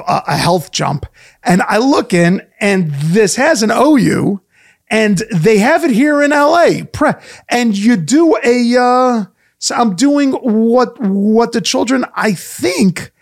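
A man's voice: sits high, gravelly. A man co-hosting a casual podcast, rambling playfully with jokes and many restarts. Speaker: podcast co-host. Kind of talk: casual chat.

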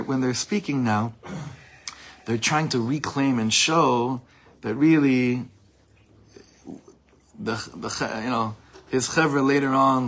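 A man giving an informal Torah class, telling stories with animated delivery. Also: mid-range voice, breathy edge. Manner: animated storytelling, acts out shouted quotes. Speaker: Torah teacher.

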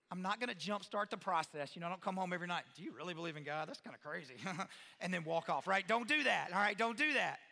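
A man, a pastor, giving an animated sermon-style talk to parents, acting out quoted voices and asking the audience questions. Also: high-pitched, long reverb tail.

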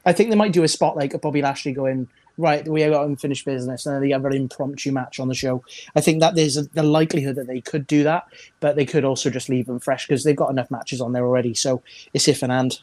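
A man's voice: mid-range voice, fairly even intonation, fast talker, darkish tone, dry recording. A British man co-hosting a wrestling chat show, talking at length and playfully acting out wrestlers' lines. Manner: chatty, acts out wrestlers' lines. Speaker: podcast co-host.

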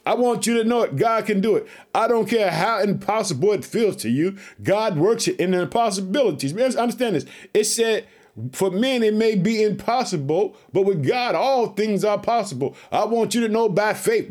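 Fired-up preacher man. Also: sits high. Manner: fervent, repeats catchphrases, exclaims hallelujah. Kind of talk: energetic Bible teaching.

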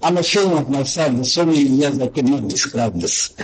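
A man giving a sermon, reciting Arabic quickly and then explaining it in English in an earnest storytelling way. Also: mid-range voice, expressive, slight background noise, poor audio. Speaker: Islamic teacher. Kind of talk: sermon on the Prophet's qualities.

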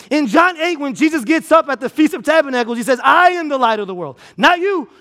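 A man's voice: extremely high pitch, a little fast, hardly any pauses. A man preaching a sermon with energy to a congregation, repeating and stressing his points. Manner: energetic, repetitive preaching with restarts and emphatic repeats. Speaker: pastor. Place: church auditorium.

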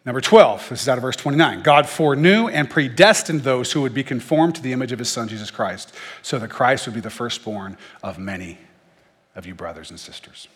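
A husky-voiced man giving a casual Bible teaching, talking to listeners plainly and tossing in jokes along the way. His voice carries a long reverb, as if he were in a large hall. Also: medium pitch, lively intonation, fairly quick, fairly bright tone. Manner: conversational, joking asides.

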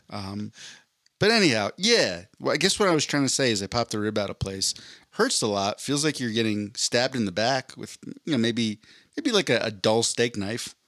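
Man, mid-pitched, dry close sound; loose, rambling co-host telling self-mocking stories. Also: animated, moderate pace, a bit bright, no room sound. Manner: rambling, self-deprecating storytelling. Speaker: podcast co-host. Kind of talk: casual chat.

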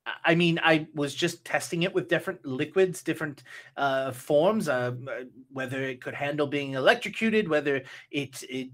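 A woman narrating a tabletop game as game master, halting with many restarts. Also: sits low.

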